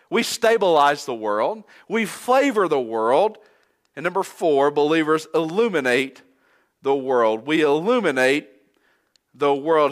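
A man preaching a sermon, quoting scripture in a measured, emphatic way with falling phrase endings. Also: on the high side, a bit bright.

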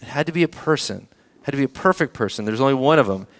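A man's voice: medium pitch, expressive, quick pace. A man preaching a sermon in a conversational way, often asking the congregation questions. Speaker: pastor.

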